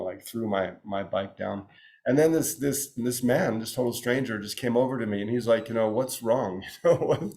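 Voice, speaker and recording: American guy giving a dharma talk, kinda gravelly, stops and restarts a lot. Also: fairly low pitch, a little mellow. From Virginia, United States. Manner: halting, many restarts and pauses. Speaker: Buddhist Dharma teacher. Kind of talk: teaching talk with personal story.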